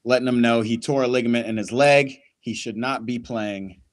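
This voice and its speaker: Man, watch-party host, casual stream chat, talks to viewers, mid pitch. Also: steady tone, moderate pace, a little hiss or hum. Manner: loose and chatty, swears, talks to viewers. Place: backyard, later indoors.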